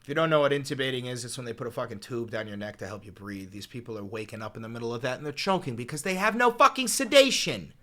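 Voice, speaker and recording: Impassioned male commentator, bright voice. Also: medium pitch, fast, hardly any pauses. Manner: impassioned, swings from yelling to quiet. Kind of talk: reaction commentary. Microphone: desk microphone.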